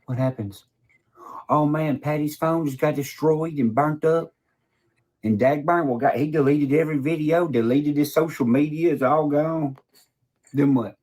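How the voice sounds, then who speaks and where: A man's voice: fairly high pitch, a little slow, a little mellow. A man ranting in a profane, mocking way. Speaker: video creator. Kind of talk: angry rant.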